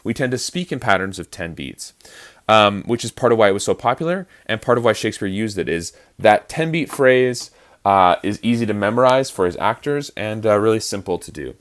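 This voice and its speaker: Guy teaching shakespeare rhythm, lowish voice, lots of uhs and restarts. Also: expressive, brisk. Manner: explanatory, with frequent fillers and restarts. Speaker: acting teacher. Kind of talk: online lesson on verse speaking.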